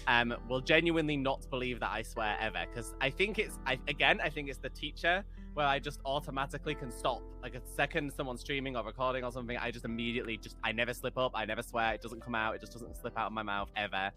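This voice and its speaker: A man's voice: medium pitch, fast talker, few pauses, soft background music. A man from Yorkshire, a streamer, chatting candidly and mocking himself on a video-call panel. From Yorkshire, England. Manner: candid, self-mocking, animated. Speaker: streamer and podcast guest. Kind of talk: casual panel chat.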